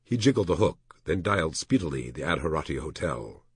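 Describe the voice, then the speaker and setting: A man narrating an audiobook in an expressive storytelling manner. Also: rumbling low, a little fast, husky, no room sound, clean studio sound.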